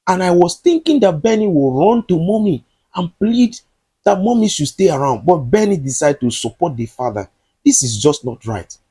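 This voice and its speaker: A man's voice: sits high, lively intonation, normal speed, warm tone, husky, dry recording. A man recapping a film and commenting on it, scolding the characters directly in an indignant tone. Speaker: movie reviewer.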